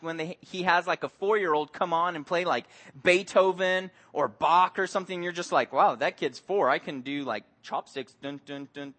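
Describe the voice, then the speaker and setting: A man preaching a sermon, telling stories in a lively way and acting out the voices in them. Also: high-pitched. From Mexico. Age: adult with young son. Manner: animated storytelling, acts out voices. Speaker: pastor.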